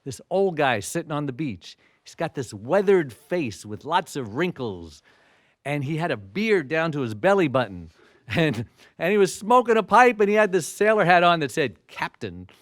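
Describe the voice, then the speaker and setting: A man in his sixties gives a motivational speech as an animated storyteller. His voice sits high and moves a lot in pitch. The recording is close and dry. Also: normal speed, dry recording. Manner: animated storyteller who acts out dialogue. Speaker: motivational speaker.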